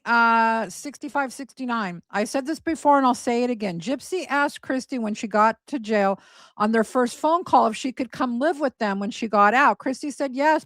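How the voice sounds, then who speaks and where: A woman's voice: high-pitched, a bit bright, no room sound. Chatty woman host, dry close sound. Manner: chatty, blunt and scornful, reads out viewer comments. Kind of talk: casual live-stream commentary.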